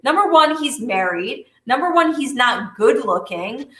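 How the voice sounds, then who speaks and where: A woman co-hosting a podcast, chatting casually in an animated, emphatic way. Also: fairly high pitch, unhurried, a little hiss or hum. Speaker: podcast co-host. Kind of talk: casual chat. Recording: roomy echo.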